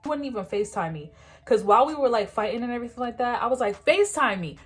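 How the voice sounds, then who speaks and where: A 21-year-old woman vlogger telling a candid story in casual talk, animated, laughing often and using slang. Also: fairly high pitch, very fast, husky, faint music behind. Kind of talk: casual storytime while getting ready.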